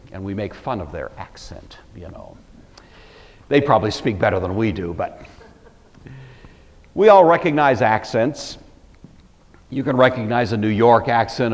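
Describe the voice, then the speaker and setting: Speaking in a large hall, an older Bible teacher from the Pacific Northwest lectures earnestly and emphatically in a fairly low voice. His accent is plain Pacific Northwest American, and he drops in wry asides.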